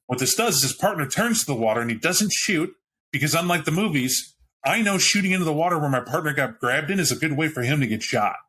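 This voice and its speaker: A man narrates a tabletop role-playing session as its storyteller, chuckling as he goes. His tone is bright and forward, and a faint hiss runs under the recording. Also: fairly high pitch, fast talker. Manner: lively, chuckling, jumps into character voices. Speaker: storyteller running the game.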